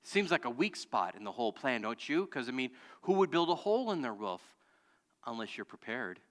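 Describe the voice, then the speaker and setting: A man's voice: mid-range voice, big pitch swings, a little fast, in a large hall. A man preaching a sermon as pastor, telling a story and calling out to the congregation for answers. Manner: storytelling with audience call-and-response. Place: church sanctuary.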